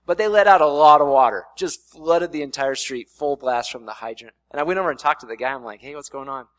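A man's voice: fairly high pitch, quick pace, a bit bright, no room sound. A man preaching a sermon in a casual, conversational way, slipping in playful voiced asides. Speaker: pastor.

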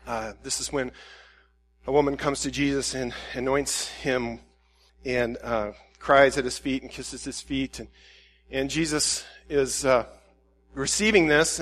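A man preaching a sermon in a conversational way, acting out prayers and quotes with rising intensity. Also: mid-range voice. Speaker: pastor.

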